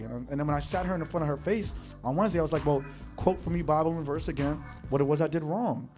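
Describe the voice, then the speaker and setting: A young man from the Bronx telling a story in an animated monologue, acting out what other people said to him. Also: fairly high pitch, racing, soft background music. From the Bronx, New York. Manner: animated, quotes others in changing voices. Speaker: monologue host.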